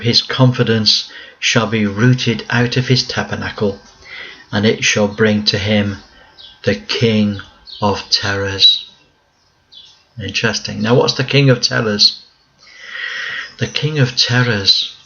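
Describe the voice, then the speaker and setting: A man teaching a Bible lesson, reading verses aloud and then explaining them in plain conversational words, slow and emphatic. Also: on the low side, sharp tone, dull audio.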